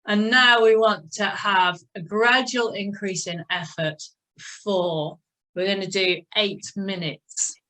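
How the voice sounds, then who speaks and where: A woman's voice: mid-range voice, fairly even intonation, slow, sharp tone, poor audio. A woman leading an online indoor cycling class over a video call, calling out time counts between chatty asides. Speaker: cycling instructor. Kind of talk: coaching an online exercise class.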